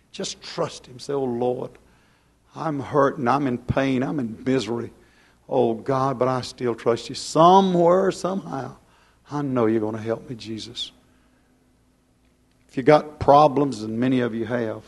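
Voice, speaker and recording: A man preaching a plain-spoken, folksy sermon, swinging from loud to hushed. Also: mid-range voice.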